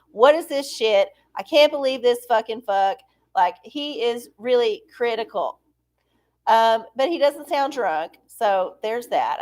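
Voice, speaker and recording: A woman with a fairly high voice, hosting a casual live stream. She rambles along and pokes fun at herself as she chats with the viewers reading along in her chat. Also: a little mellow. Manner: rambling, chatty, self-deprecating, frequent laughs. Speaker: livestream host.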